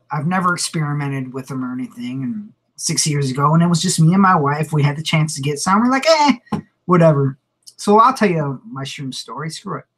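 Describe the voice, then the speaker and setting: A man's voice: on the high side, a bit bright, husky, poor audio. A man, vlogging and telling a rambling personal story, repeating words and laughing as he goes. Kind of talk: casual storytelling to camera.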